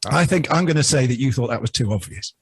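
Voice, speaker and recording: A man's voice: medium pitch, lively intonation, fast talker, husky. A man co-hosting a podcast, reading out song lyrics for a quiz in casual, jokey chat. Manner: jokey, teasing. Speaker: podcast co-host running a quiz.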